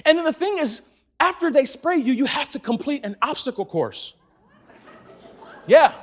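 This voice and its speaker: A man's voice: extremely high pitch, lively intonation, normal speed. A man giving a sermon as a church team speaker, telling stories with energy, laughing and raising his voice at the peaks.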